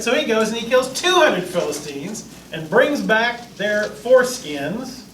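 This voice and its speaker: A pastor teaches a Bible class casually, joking and lively as he acts out the lines of biblical figures. His high voice is a little slow with hardly any pauses, recorded in an echoey room with a distant mic and slight hiss or hum.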